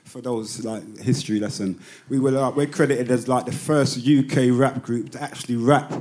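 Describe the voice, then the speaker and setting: A man from London in his fifties with a London accent, a rapper telling stories as a guest in a casual interview, animated, swearing freely and laughing often. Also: mid-range voice, normal speed. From London, England.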